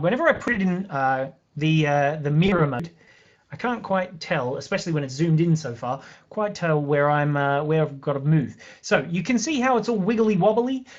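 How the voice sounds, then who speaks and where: A man's voice: on the high side, muffled recording. A young Australian man hosting a live beading tutorial, chatting with viewers and reading out their comments between steps. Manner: chatty, upbeat, reads out viewer comments while explaining steps.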